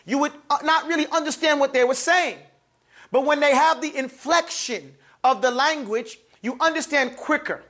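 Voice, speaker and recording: A high, fairly bright voice at normal speed belongs to an Arabic reading teacher leading a live classroom. She's emphatic and teasing, stressing each letter sound and having the students repeat the letters she calls out.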